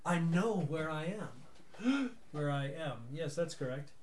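A man's voice: a little high, lively intonation, takes it slowly, slight background noise. Man rambling in wordy, formal phrases. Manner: hesitant, wordy and playfully formal. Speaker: player.

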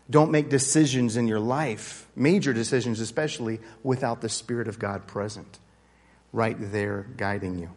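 In a large hall, a man with a lowish, slightly mellow voice speaks at normal speed while guiding an informal Bible study. His manner is sincere and chatty, full of restarted sentences and growing intensity.

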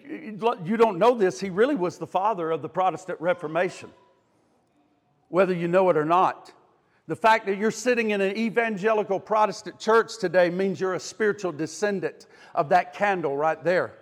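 A man preaching a sermon with passion, raising his voice for quoted prayers and dropping low and slow for his closing points. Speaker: pastor. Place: church sanctuary. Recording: long reverb of a church hall.

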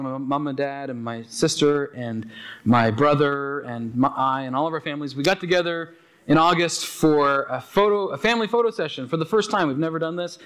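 Upbeat pastor with a higher voice. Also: male voice, fairly bright tone, clean tone. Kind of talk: sermon.

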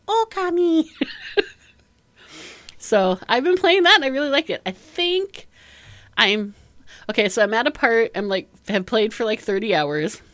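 A woman's voice: mid-range voice, fairly bright tone, dry recording. A woman chatting casually as a podcast co-host, rambling with lots of fillers and frequent laughs. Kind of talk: casual chat.

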